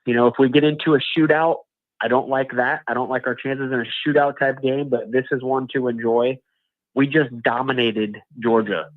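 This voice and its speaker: A man's voice: mid-range voice, steady tone, moderate pace, no room sound. A man calling in to a live show, talking in a casual, emphatic, fired-up way. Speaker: caller. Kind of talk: casual phone-in chat. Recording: tinny, dry phone line.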